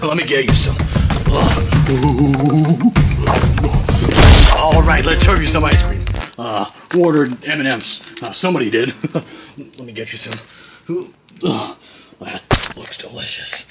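A man's voice: on the high side, slow, pauses often, music in the background. A man voicing a sly male ice cream seller over game footage, teasing and giggling often. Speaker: game video voice actor. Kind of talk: playful character voicing over gameplay.

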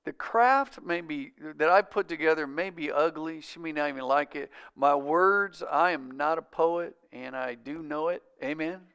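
A male pastor preaching a sermon, calling out for amens and swinging from loud, urgent bursts to hushed, quiet lines. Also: a little high, moderate pace, hardly any pauses, smooth. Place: church sanctuary.

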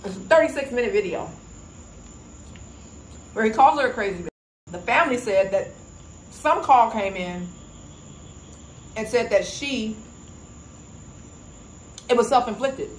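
A woman's voice: on the high side, lively intonation, unhurried, long pauses, slight background noise. A woman vlogger in casual commentary, retelling a story emphatically and indignantly. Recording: echoey room with faint ambience.

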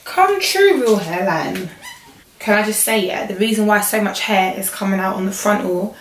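A young woman with a croaky, hoarse voice, chatting casually and joking to camera while styling a wig at home. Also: mid-range voice, flat delivery, fairly quick, fairly bright tone. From England. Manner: chatty, joking, self-talk asides. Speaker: hair vlogger. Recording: echoey room, faint noise.

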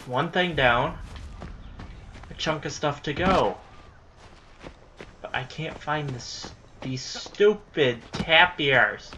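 A young man giving casual let's-play commentary, chatty and easily frustrated, breaking into excited yelling during chases. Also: mid-range voice, slight background noise. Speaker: gameplay commentator.

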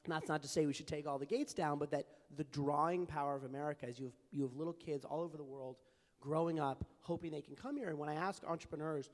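A long hall reverb surrounds a young man from California as he speaks on a forum panel in a large hall. The advocacy group founder is earnest and anecdotal, with many fillers and restarts, and talks at a quick pace in a slightly high, steady voice.

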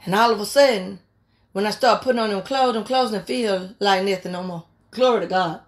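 A woman's voice: mid-range voice, brisk. A woman preacher giving an impassioned sermon, repeating her phrases and urging her listeners on. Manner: repetitive, exhorting, fervent. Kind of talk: impassioned sermon on a prayer line.

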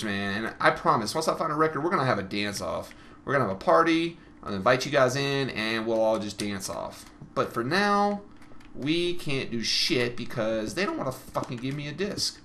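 A man's voice: mid-range voice, sharp tone, slight background noise. A man giving casual let's-play commentary, frustrated and swearing, talking straight to his viewers. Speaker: gaming channel host.

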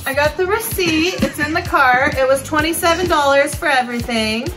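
A woman's voice: high voice, moderate pace, music in the background, low-quality recording. A woman hosting a casual thrift-haul vlog, chatty and upbeat, laughing often as she shows her finds. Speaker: thrift vlogger and channel host. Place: thrift store, then a barn.

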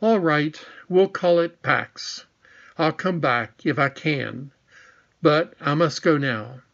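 A man's voice: fairly high pitch, slow pace, creaky, fairly bright tone, highs cut off, full character voice. A man reading the part of a proud young girl who speaks coolly and sarcastically. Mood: softened. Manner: sarcastic, cool. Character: sharp-tongued young girl, sensible and proud.

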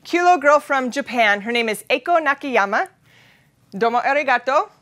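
A woman in her thirties from Utah giving an animated storytelling keynote, acting out voices and sound effects. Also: high voice, brisk. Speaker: keynote speaker.

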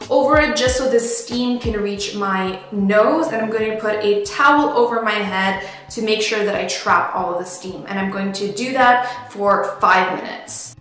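A woman's voice: mid-range voice, fairly bright tone. A woman vlogger walking through a beauty tutorial step by step, chatty and upbeat with playful slang, in a bathroom at home. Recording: very echoey bathroom.

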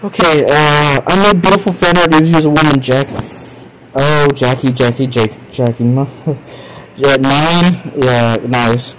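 A man's voice: medium pitch, measured pace, fairly bright tone, a little hiss or hum, poor audio. A young man streaming live, reacting to chat confessions in a profane, exasperated way with frequent laughter. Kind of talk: casual live stream commentary.

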